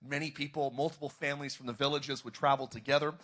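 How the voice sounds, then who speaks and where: A man preaching a sermon as pastor, calling out to the congregation and rising to shouts. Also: medium pitch, steady tone, quick pace. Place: church service, streamed online.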